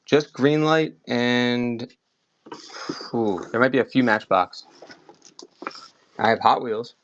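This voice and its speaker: A man with a slight Maryland accent chats loosely as he sells items on a live stream, full of casual fillers. His voice sits at an ordinary middle pitch. The audio is a little dull and lo-fi, with faint clicking behind him. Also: takes it slowly, slight background noise. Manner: rambling, chatty, many "like" fillers. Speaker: online auction seller. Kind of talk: casual live-selling chat.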